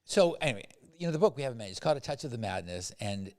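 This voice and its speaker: An older man, a film producer, telling animated anecdotes as a podcast guest and acting out the quotes. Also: medium pitch, racing. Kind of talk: storytelling in a podcast interview.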